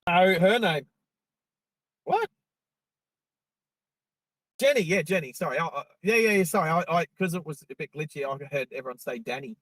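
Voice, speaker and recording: Chatty high-voiced man. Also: expressive, fairly quick, pauses often, fairly bright tone, no echo, low-quality recording. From Australia. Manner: rambling and chatty, talking to viewers. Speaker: live-stream driving host. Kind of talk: casual live-stream chat while driving. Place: inside a car on the road.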